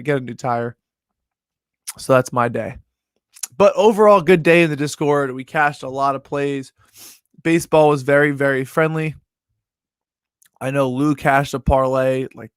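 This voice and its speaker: A man's voice: mid-range voice, smooth, no echo. Rambling young guy, dry sound. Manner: rambling, animated storyteller full of "like". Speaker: sports betting show host. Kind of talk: casual storytelling recap.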